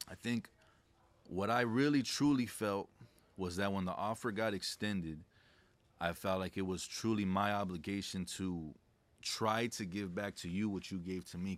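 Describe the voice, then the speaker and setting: A man's voice: sits low, normal speed, no room sound. A young man speaking as a podcast guest, laid-back and reflective, telling stories in casual slang. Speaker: podcast guest, credit specialist. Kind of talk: casual conversation.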